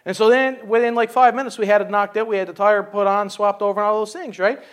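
A man's voice: sits high, steady tone, fast, smooth. A man preaching a casual sermon at a church service, chatty and exclaiming, often asking "you know?". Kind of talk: folksy conversational sermon.

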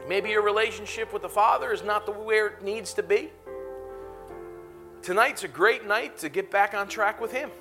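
A man's voice: high-pitched, vocal fry, sharp tone. A man preaching as pastor in a church auditorium, laughing often and calling out to the congregation. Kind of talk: sermon and altar call.

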